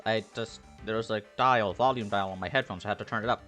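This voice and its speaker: A man's voice: on the low side, fast talker, bright, forceful tone, faint music behind. Joking man playing a game. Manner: joking, irreverent asides, swears. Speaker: let's play host. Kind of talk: casual game commentary.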